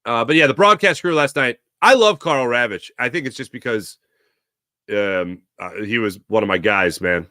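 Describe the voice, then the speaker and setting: A man's voice: medium pitch, normal speed, no echo, clean studio sound. A man hosting a sports talk show, chatting casually and rambling with jokes while he answers viewer comments. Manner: animated, rambling, jokey.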